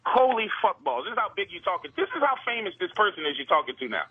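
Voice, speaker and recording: A man's voice: high-pitched, big pitch swings, fast talker, husky, phone-quality sound. A man calling in to a radio show, joking in a rambling, wry way. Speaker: guest calling in. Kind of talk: casual radio banter.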